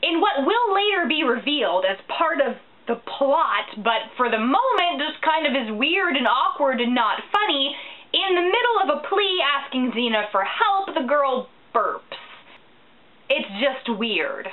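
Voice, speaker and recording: A woman's voice: high voice, sing-song, unhurried. A woman giving a comic, sarcastic recap of a TV episode, full of wry asides. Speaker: recap vlogger. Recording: tinny, phone-like sound.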